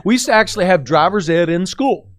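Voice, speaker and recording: A man's voice: sits high, fast. A middle-aged man co-hosting a radio talk show, telling a story and acting out the voices of the people in it. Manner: animated, acts out quoted voices. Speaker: co-host. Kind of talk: conversational storytelling.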